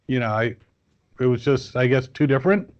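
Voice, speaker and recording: A man's voice: medium pitch, a little fast, lo-fi sound. A man chatting casually as a guest on a podcast, rambling with many fillers and restarts. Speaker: guest toy reviewer.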